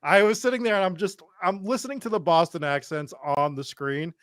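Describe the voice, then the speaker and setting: A man co-hosting a casual movie review podcast, with a somewhat high, smooth voice recorded dry. He tells stories in a wry, casual way. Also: brisk, a bit bright, no echo. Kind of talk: casual chat.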